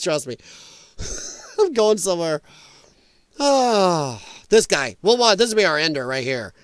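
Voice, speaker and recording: A man's voice: sits high, sing-song, measured pace, pauses often, clear, resonant tone, dry recording, studio quality. A man hosting a live stream, reacting to clips with sarcastic, mocking commentary and frequent laughter. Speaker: live-stream podcast host.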